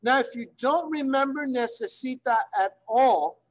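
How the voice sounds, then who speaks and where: A man teaching library staff in an online workshop, checking in often with his class and slowing down to model phrases. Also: very high-pitched, slight background noise, low-quality recording. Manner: checks in often, gives examples slowly. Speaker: Spanish instructor for library staff.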